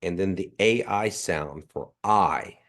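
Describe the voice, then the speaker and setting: Over a video call, a man teaches an online language class, patiently and slowly modeling each sound. His low voice has a fairly bright tone and sounds nasal from allergies.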